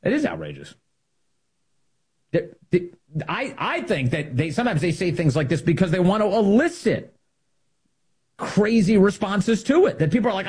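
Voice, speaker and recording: A man's voice: high voice, very animated, normal speed, pauses often, a little mellow, husky. A man giving an opinionated political monologue, emphatic and repeating key phrases for effect. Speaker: political commentator.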